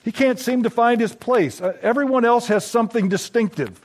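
A man narrating a scripted story in a reflective, measured, gently wry way. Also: very high voice.

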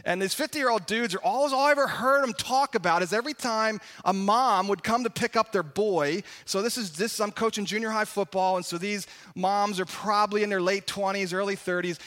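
A man's voice: high-pitched, fairly quick, big-room sound. A middle-aged man preaching a sermon, telling stories with comic asides and acting out voices. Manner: animated storytelling, acts out voices, comic asides. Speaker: pastor.

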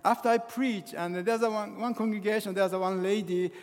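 Fifties guy giving a sermon, lots of uh's and restarts, high voice, long church echo. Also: steady tone, faint music behind. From Japan. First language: Japanese. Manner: halting, full of hesitations and restarts. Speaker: guest pastor. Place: church sanctuary. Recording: long hall reverb in a church.

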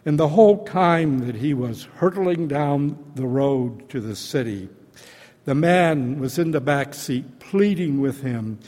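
A man preaching a sermon, retelling a story in a slow, deliberate, dramatic way. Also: mid-range voice, lively intonation, warm tone. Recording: long hall reverb.

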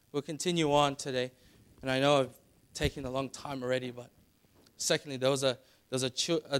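A middle-aged man preaching a sermon as pastor, building to loud emphatic passages. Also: medium pitch, clear, resonant tone.

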